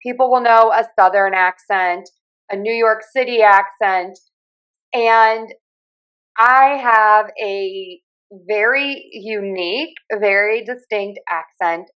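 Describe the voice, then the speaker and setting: A woman from Western Pennsylvania with a softened Pittsburgh accent, hosting a podcast and talking alone in a clear, measured, instructive way. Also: medium pitch, muffled recording. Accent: Pittsburgh, softened by years in other US regions. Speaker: podcast host and communication coach. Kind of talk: solo podcast talk.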